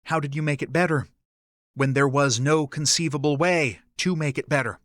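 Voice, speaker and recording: A man narrating an audiobook in a steady, even storytelling voice. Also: a little high, normal speed, dry recording, studio quality. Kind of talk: scripted narration.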